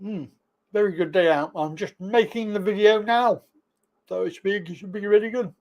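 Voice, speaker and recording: Relaxed high-voiced English host. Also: male voice, moderate pace. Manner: relaxed, agreeable, swears casually. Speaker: livestream host. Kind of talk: casual chat.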